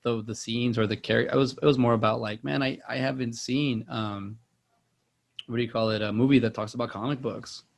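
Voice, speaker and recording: Gravelly rambling man on a podcast. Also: medium pitch, fairly even intonation, brisk. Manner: rambling, many fillers and restarts, acts out quotes loudly. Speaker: podcast co-host. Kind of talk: casual movie podcast chat.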